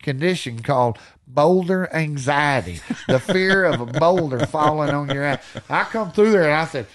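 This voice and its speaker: A man with a Texan accent, a podcast guest telling animated stories with folksy country slang and frequent laughter. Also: on the high side, moderate pace. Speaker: podcast guest, hunting storyteller. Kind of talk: casual storytelling.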